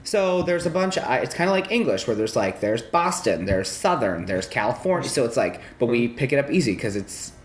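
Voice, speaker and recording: A man's voice: medium pitch, big pitch swings, brisk, hardly any pauses. Chatty man with faint noise behind. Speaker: cast member of a radio comedy show. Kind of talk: casual chat.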